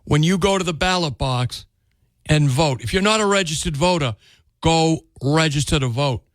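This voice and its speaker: A man's voice: a little high, normal speed, no room sound. A man hosting a call-in radio talk show, chatting casually and often restarting words. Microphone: studio microphone.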